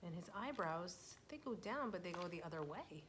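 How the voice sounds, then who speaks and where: A young woman running a children's storytime, with a slightly low voice and a patient, encouraging way of talking. She slows down for small children and often slips into a soft whisper. A faint rumble hums behind her. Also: lively intonation. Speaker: children's librarian.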